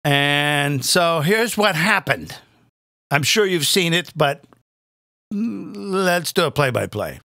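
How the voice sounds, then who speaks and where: A sarcastic man rants as a live comedy host, crude and exasperated. His voice sits high and bright and swings widely, with a close, dry sound. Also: lively intonation, slow, vocal fry, dry recording.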